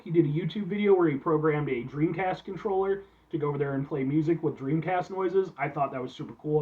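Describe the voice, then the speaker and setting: A man from Illinois reviewing frozen food from a chair in his back room, talking to his viewers in an excitable, chatty way. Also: a little high, highs cut off. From Illinois, USA. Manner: excitable, chatty, keeps addressing viewers as folks. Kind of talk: casual food review vlog. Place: back room at home, seated.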